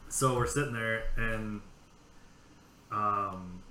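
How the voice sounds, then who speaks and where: A man's voice: on the low side, drawn-out words, bright, forceful tone, roomy sound, slight background noise. A man hosting a podcast, telling rambling, profane anecdotes in casual chat. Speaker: podcast host.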